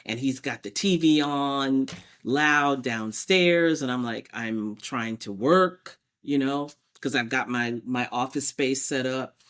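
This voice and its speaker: Woman telling her story in animated detail. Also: a bass voice, unhurried. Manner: animated, acts out past exchanges in quotes. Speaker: podcast guest. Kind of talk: personal storytelling in conversation.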